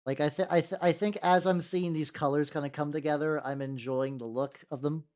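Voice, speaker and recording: A man's voice: fairly high pitch, fairly even intonation, brisk, a little mellow. A young man streaming as a VTuber, chatting casually and rambling while he paints miniatures, with frequent restarts and self-deprecating jokes.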